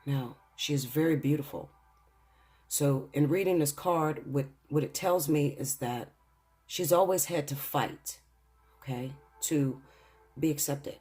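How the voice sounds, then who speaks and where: An earnest tarot reader with a husky, breathy voice talks straight to the viewers, emotional and close to tears as the cards are read. Soft music sits faintly underneath. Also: mid-range voice, measured pace. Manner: earnest, addresses viewers directly; emotional, fights back tears. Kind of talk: spiritual tarot reading to camera.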